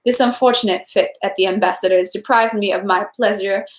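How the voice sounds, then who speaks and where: A woman's voice: medium pitch, fairly even intonation, brisk, echoey room, lightly acted. A woman reading the lines of a polished, courteous older prince, a father, speaking in society. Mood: courtly.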